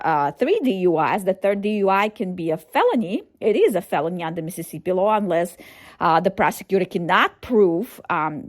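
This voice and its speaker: Hesitant woman lawyer, many fillers. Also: mid-range voice. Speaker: defense attorney. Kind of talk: informational video to camera.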